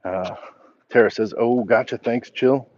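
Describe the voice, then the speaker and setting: A man's voice: mid-range voice, a little slow, darkish tone, lo-fi sound, slight background noise. A man hosting a casual walk-and-talk livestream, reading chat messages aloud and answering them as he walks. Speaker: livestream host.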